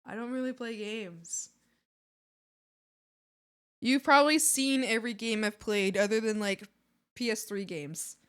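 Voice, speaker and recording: Giggly high-voiced woman streamer. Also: a little slow, long pauses, clean tone. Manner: giggly, chatty, talks to viewers and animals on screen. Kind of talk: casual live-stream chat.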